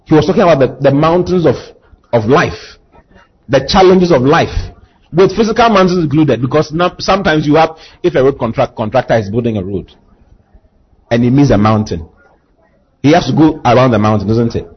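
A man's voice: medium pitch, expressive, a little fast, slightly rough, dull audio. A male pastor preaching a sermon, asking the congregation to repeat after him and building to impassioned emphasis. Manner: call-and-response preaching, rising to impassioned emphasis.

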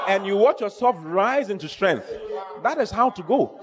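A man's voice: high voice, lively intonation, moderate pace, big-room sound, crowd noise. A man, preaching a sermon with emphatic, repeating phrases.

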